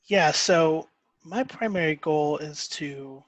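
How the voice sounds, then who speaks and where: A player in a tabletop game, talking casually and deliberately about their next move. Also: medium pitch, fairly bright tone, no room sound.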